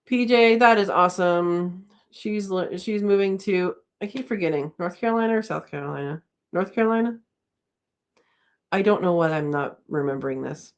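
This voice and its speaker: A woman's voice: lowish voice, moderate pace. A woman hosting a casual live chat from home, reading viewer comments aloud and laughing often. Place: home, indoors.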